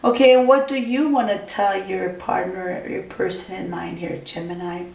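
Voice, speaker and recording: Woman tarot reader for a vlog, gushy and reassuring, mid pitch, echoey room, a little off mic. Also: fairly even intonation, normal speed, gravelly, a little mellow, recorded from a distance. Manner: keeps addressing the viewer by star sign, gushing and reassuring. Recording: roomy, voice from off the mic.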